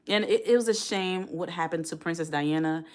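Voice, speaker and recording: A woman's voice: lowish voice, normal speed. A woman around forty hosting a casual live stream, chatting and reading viewer comments aloud. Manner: chatty, addresses the chat directly, reads comments aloud.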